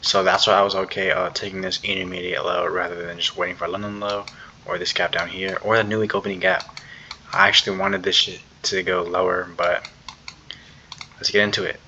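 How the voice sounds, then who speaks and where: In a screen-recorded recap, a young day trader talks loosely about his trading day at his computer, throwing in plenty of fillers and slang. His fairly low voice has lively intonation, vocal fry, and a sharp tone, and he speaks briskly. Faint background noise sits under slightly dull audio.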